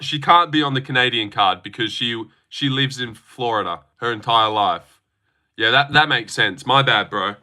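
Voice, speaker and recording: A man's voice: medium pitch, sharp tone. A young man on a live stream, reading and answering chat with sarcastic, argumentative, swear-filled talk.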